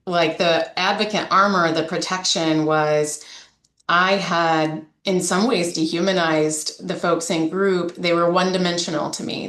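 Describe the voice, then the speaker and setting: A woman's voice: lowish voice, a bit bright, echoey room. A woman who directs a domestic violence coalition, candidly recounting a story in an interview, with many fillers and restarts.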